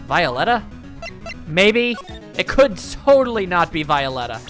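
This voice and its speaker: A woman's voice: sits low, big pitch swings, unhurried, soft background music. A woman hosting a game playthrough with chatty, self-deprecating asides and a strained voice. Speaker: let's play host.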